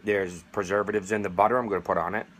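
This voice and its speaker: A man's voice: deep voice, fairly even intonation, fast talker, a little hiss or hum. A middle-aged man speaking straight to camera, sarcastic and indignant, making a plea as a vaping advocate. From United States. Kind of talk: direct-to-camera appeal.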